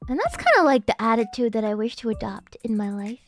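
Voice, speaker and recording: A woman streamer rambling playfully in casual chat, giggly and animated. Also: fairly high pitch, fast talker, over music. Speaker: VTuber streamer.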